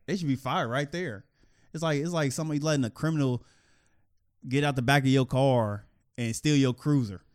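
A man talks in loose podcast chat, animated and prone to restarting and repeating phrases. His pitch sits in the middle for a man. The recording is dry, with no room sound around him. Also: a little fast, smooth, no echo. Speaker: podcast co-host.

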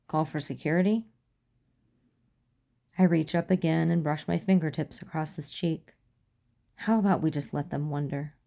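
Slow, low-voiced woman reading a story. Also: mellow. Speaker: fan fiction reader. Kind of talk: audiobook narration.

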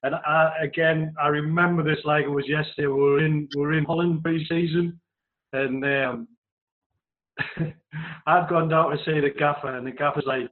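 Guy on a tinny phone-ish line, fairly high voice, telling lively stories. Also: normal speed. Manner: animated storyteller, mimics others in quotes. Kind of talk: casual chat.

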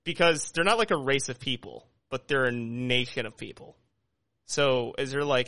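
A man's voice: mid-range voice, moderate pace, bright, forceful tone, no room sound. A man hosting a podcast, chatting casually and joking over a video call. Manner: joking, talks over others. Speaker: podcast host. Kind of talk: casual chat.

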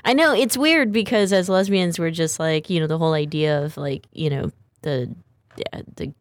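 A woman's voice: sits low, moderate pace, dry recording, clean studio sound. A woman hosting a talk show in a chatty, rambling way. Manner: chatty, rambling, laughs often. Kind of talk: casual chat.

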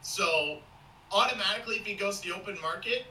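Bright-voiced man, distant and echoey. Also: high voice, brisk, a little hiss or hum. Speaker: podcast co-host. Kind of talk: casual hockey podcast chat.

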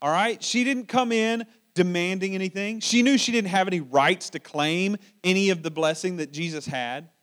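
Delivering a sermon, this middle-aged pastor has a noticeably high voice and a warm, paternal presence. His delivery is casual and chatty, full of stumbles and repeated words as he works out what to say, at normal speed and with almost no pauses.

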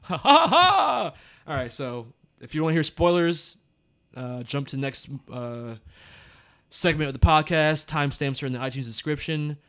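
A man's voice: mid-range voice, moderate pace, a bit bright, clean tone. A man hosting a podcast, chatting casually about a movie, laughing often and talking loosely. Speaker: podcast host. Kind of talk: casual movie review chat.

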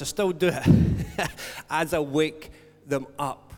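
A man preaching a sermon as pastor, earnest, swinging between loud stressed words and soft, slowed emphasis. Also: on the high side. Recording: long hall reverb.

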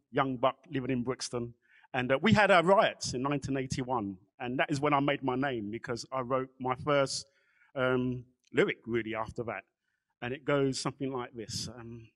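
A man's voice: medium pitch, a bit bright. A man in his sixties, a poet and former DJ, performing a rhythmic, chanted toasting lyric. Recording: long reverb of a hall.

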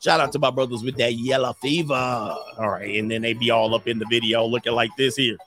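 A man hosts a casual livestream show in a medium-pitched, brisk voice, with soft music in the background. An animated storyteller, he laughs often and reads viewer comments aloud.

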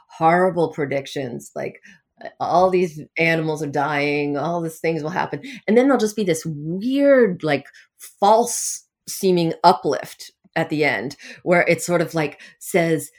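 A woman's voice: low-pitched, animated, a little slow, a little mellow. A woman novelist answering interview questions in a casual, wry way, laughing now and then as she talks. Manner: wry, self-deprecating, laughs often. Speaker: novelist guest.

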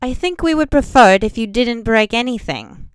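Casting: woman voicing a calm motherly healer, mild and patient, smooth voice, dry room. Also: fairly high pitch, normal speed, no room sound, voice pushed up, lightly acted. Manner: mild, gently scolding.

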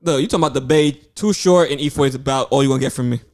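A man from New York talking casually as a podcast co-host, quick and slangy with blunt opinions. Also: mid-range voice, a little mellow. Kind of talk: casual chat.

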